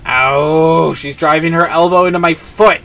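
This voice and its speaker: Ranting male game streamer, slightly high voice. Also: animated, measured pace, a bit bright, soft background music. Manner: ranting, swaps in mild words for swearing. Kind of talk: casual gameplay commentary.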